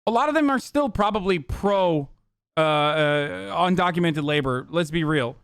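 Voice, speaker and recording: A man's voice: on the high side, lively intonation, moderate pace, a bit bright, clear, resonant tone, no room sound. A man streaming live, reacting to a clip with heated, profane and sarcastic commentary.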